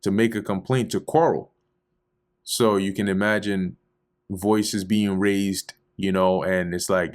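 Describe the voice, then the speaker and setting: Man, low voice, casual bible study, reads verses aloud, explains them in loose slang. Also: fairly even intonation, slow pace. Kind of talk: casual scripture reading and commentary.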